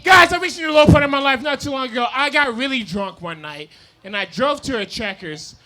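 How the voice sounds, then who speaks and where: A man's voice: extremely high pitch, a little fast. A drunk young man doing a rambling, apologetic stand-up set on a comedy club stage. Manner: rambling, apologetic, loose and loud.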